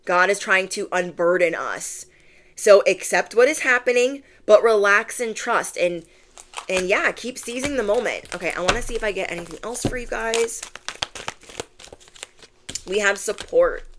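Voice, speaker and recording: A woman's voice: mid-range voice, moderate pace, noisy background. Chatty young woman giving a tarot reading. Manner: chatty, rambling, lots of "like" and quoted asides. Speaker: tarot reader. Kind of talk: casual spiritual reading to camera.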